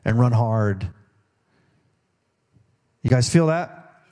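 A man's voice: medium pitch, animated, drawn-out words, mellow. A middle-aged man preaching a sermon in a folksy, conversational way, often restarting his sentences. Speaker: pastor.

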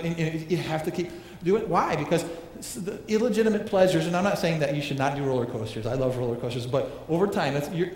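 A man's voice: fairly high pitch, darkish tone, a little hiss or hum. A male pastor preaching a sermon, emphatic, repeating phrases and asking rhetorical questions. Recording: echoey hall reverb, faint ambience.

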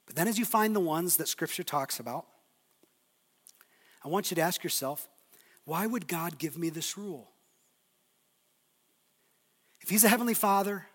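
A middle-aged man preaching with a high-pitched voice. He swings between booming emphasis and soft, close asides. His words ring out with the long reverb of a large hall. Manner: animated preaching, swings from loud emphasis to quiet intimate asides. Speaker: pastor. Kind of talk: sermon.

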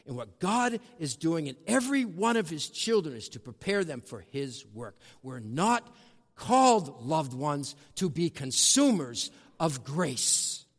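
A man preaching a sermon, swinging between loud, drawn-out emphasis and hushed asides. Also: fairly high pitch, breathy edge. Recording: long hall reverb.

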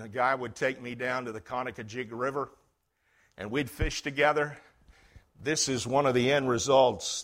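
Bright-voiced male pastor preaching. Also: fairly high pitch. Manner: folksy storytelling preacher, swings from loud to hushed. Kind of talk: sermon.

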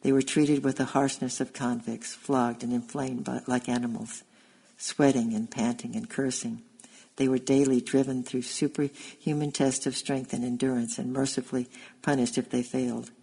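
Story narrator: male, gravelly and husky, steady reading on an even line. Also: mid-range voice, normal speed, rough recording. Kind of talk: reading a historical story aloud.

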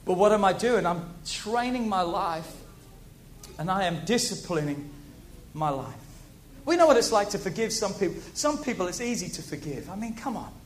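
A man preaching a sermon to a congregation, animated, repeating key phrases and asking the audience questions. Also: high voice, normal speed, a little hiss or hum.

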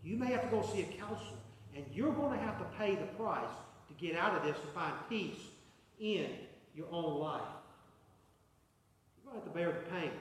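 A man preaching a sermon as pastor, earnest, with a repeating cadence. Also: high voice. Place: church sanctuary. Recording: echoey hall, mic far off.

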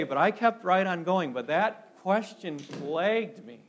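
High-voiced pastor from Minnesota preaching. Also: male voice, measured pace, hardly any pauses. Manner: animated storytelling with repeated restarts. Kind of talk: sermon.

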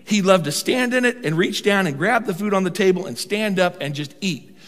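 An older man preaching a sermon as pastor, animated and humorous, drawing out key words for emphasis. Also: sits high, a little fast. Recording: long hall reverb.

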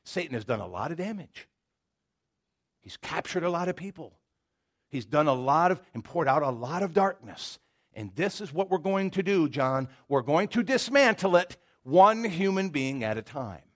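A middle-aged man preaching a sermon as pastor, telling stories in an animated way and repeating words as he builds his point. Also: a little high, normal speed.

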